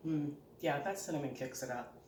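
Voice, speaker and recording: With a deep, slightly mellow voice and a fairly quick pace, a middle-aged woman with a regional American accent chats through a casual cooking demonstration for her channel, homey and often laughing. A distant mic catches the echoey kitchen, clattering dishes and cutlery, and a little hiss or hum.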